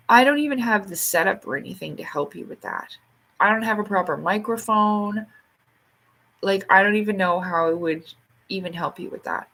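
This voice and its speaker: A woman chatting casually on a livestream, rambling from one thing to the next, laughing often and swearing now and then, and reading out viewer comments. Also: normal speed. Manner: reads out and answers viewer comments; acts out quoted lines in sharp, much higher bursts. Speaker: livestream host.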